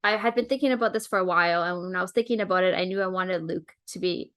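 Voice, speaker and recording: A woman's voice: on the low side, quick pace, a bit bright. A woman hosting a podcast, chatting enthusiastically and casually with her guest. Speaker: podcast host.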